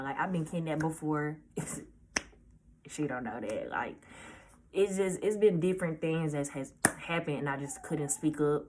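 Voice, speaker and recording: A nineteen-year-old woman telling a personal story in a casual, halting way, often restarting her sentences. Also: deep voice, darkish tone, slight background noise. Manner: halting, hesitant, with many restarts; casual, informal speech. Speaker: vlogger.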